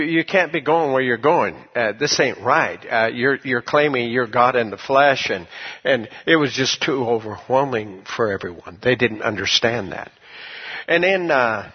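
A folksy man preaching, his voice husky and a little grainy. He tells his story in a plain, homespun way, then climbs into loud shouts of praise. The recording sounds dull and lo-fi. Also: mid-range voice. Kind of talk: sermon with storytelling.

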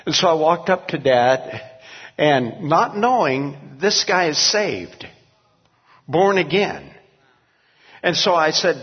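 An older man who is a pastor, telling his story earnestly, halting with many restarts. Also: on the high side, animated, breathy edge. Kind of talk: testimony in an interview. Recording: dull recording in a long-echo room.

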